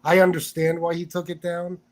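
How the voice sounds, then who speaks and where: A man's voice: a little high, completely flat delivery, fairly quick. A man hosting a casual livestream chat, talking loosely with plenty of swearing and fillers. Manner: loose and profane, with many fillers. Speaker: livestream host.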